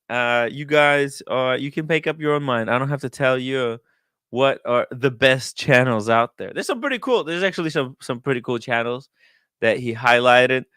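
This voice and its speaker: A man's voice: medium pitch, sharp tone, clear, resonant tone, no room sound, studio quality. A man hosting a casual livestream, reading viewer comments in a sarcastic, profane, rambling way. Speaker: host. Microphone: close studio mic.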